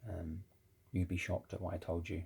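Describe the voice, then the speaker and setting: Deep, gravelly man rambling casually. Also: completely flat delivery, normal speed, a little mellow. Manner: rambling, with many restarts and swearing. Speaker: ex-Jehovah's Witness vlogger.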